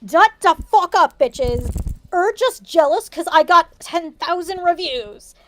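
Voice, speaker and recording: Woman, high voice, mock-dramatic reading, laughing asides, home stream. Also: expressive, slow, fairly bright tone, slight background noise. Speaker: stream co-host reading aloud. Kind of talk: dramatic comedic reading of a fanfic.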